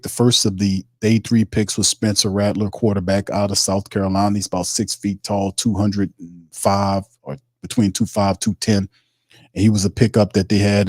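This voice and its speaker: A man's voice: lowish voice, darkish tone, breathy edge, no room sound, clean studio sound. A man hosting a live sports stream, casually reading viewer comments aloud and breaking down draft picks in slangy chat. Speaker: host.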